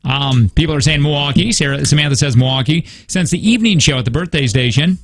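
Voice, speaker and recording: A man's voice: fairly high pitch, fast. A man co-hosting a radio show in a studio, chatting playfully and reading listener comments aloud. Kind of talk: casual radio banter.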